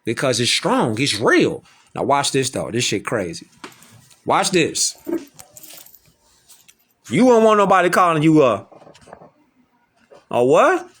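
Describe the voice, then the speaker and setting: A man's voice: a little high, sing-song, slow pace, long pauses, fairly bright tone, a little hiss or hum. A man lecturing his audience in an emphatic, preachy way, repeating rhetorical questions. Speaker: online lecturer. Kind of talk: preachy commentary to camera.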